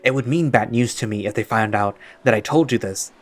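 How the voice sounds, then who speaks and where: A man voicing a gentle, secretive male tiger who speaks softly and apologetically. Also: mid-range voice, fairly quick, soft background music, close to an everyday voice. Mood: apologetic. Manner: soft, apologetic, pleading.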